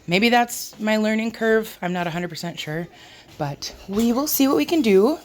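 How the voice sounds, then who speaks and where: A woman's voice: lively intonation, moderate pace. A woman chatting casually in her home kitchen as a homestead vlogger, talking while she works and joking about herself. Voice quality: squeaky. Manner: chatty, self-deprecating, talks while working.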